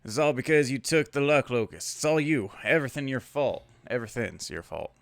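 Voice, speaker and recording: A man's voice: mid-range voice, expressive, fairly quick, vocal fry, dry recording, studio quality. A man reading game dialogue aloud, voicing a spiteful, hostile masked male villager who sneers and accuses.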